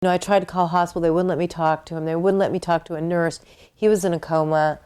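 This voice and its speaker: Woman, documentary interviewee, low flat voice, quick plain telling. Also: clean tone. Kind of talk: documentary interview, personal recollection.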